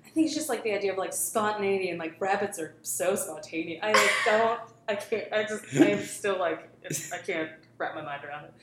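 A woman's voice: mid-range voice, expressive, brisk, few pauses. Woman guest, chatty storyteller, lots of "like" and restarts, roomy echo with faint hiss. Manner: rambling storyteller, many fillers and restarts. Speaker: guest telling a work story. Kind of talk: casual podcast chat.

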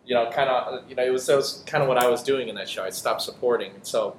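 A man who performs improv, chatting casually and telling stories with lots of restarts and jokes. His voice is of middling pitch. The room is echoey, with a faint low rumble behind him. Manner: quick, joking storyteller with many restarts. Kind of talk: casual interview chat.

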